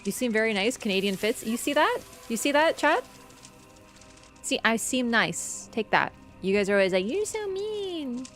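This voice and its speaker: A woman streaming a game, chatting casually with her viewers, teasing and jumping between excited bursts and low mutters. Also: moderate pace, faint music behind. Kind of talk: casual gameplay commentary.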